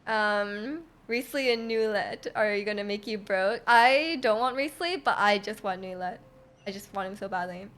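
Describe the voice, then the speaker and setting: A woman's voice: medium pitch, normal speed, fairly bright tone. A woman streaming a game, chatting casually and giggling, rambling with lots of fillers. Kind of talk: casual chat while gaming.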